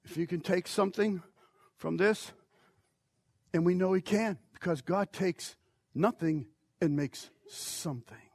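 A man preaching an altar call, impassioned, swinging from shouted pleas to near whispers. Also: high-pitched, measured pace, gravelly, pauses often, husky, no echo. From United States. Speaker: pastor.

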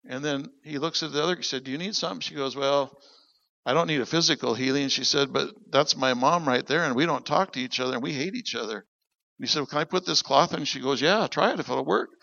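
A man's voice: a little high, fast talker, creaky, dry recording, muffled recording. A middle-aged man preaching a sermon, telling stories and acting out the voices of the people in them. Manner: animated storyteller acting out quoted voices. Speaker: pastor. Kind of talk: sermon with storytelling.

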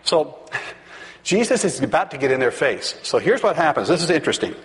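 A man preaching a sermon, reading scripture aloud and acting out the crowd's voices with animated asides. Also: on the high side, brisk, a little hiss or hum. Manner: animated, reads scripture and acts out the crowd's questions. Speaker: pastor. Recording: long hall reverb.

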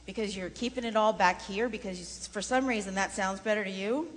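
A woman leading a voice workshop for singers in a chatty, lively way with frequent laughter. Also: medium pitch, fairly quick, hardly any pauses. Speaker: vocal coach. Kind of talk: voice workshop lesson. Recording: long reverb in a large room.

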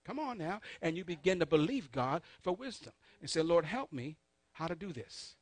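A man preaching a sermon, calling on the congregation to answer back, swinging between soft asides and loud emphatic peaks. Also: a little high, big pitch swings, normal speed, no room sound. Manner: call-and-response preaching, urging the congregation. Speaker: pastor.

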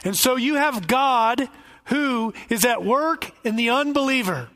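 A man's voice: very high-pitched, a little slow, fairly bright tone. A male pastor giving an expository sermon with folksy asides and jokes.

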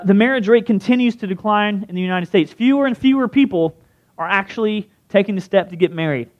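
A man with a fairly high voice delivers a sermon in a relaxed, conversational way. He often turns to his listeners with quick questions. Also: dull audio. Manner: conversational, asks the crowd questions. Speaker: pastor.

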